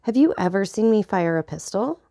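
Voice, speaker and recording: A woman voicing a grave, vengeful nobleman who speaks in a measured, solemn way. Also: mid-range voice, animated, warm tone, close to an everyday voice.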